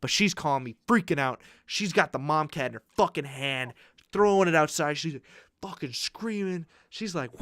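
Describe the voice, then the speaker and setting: A man's voice: on the high side, lively intonation, normal speed, a bit bright, dry recording. A young man co-hosting a podcast, telling crude stories in a rambling way, full of fillers. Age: young adult. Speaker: podcast co-host. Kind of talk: casual podcast storytelling.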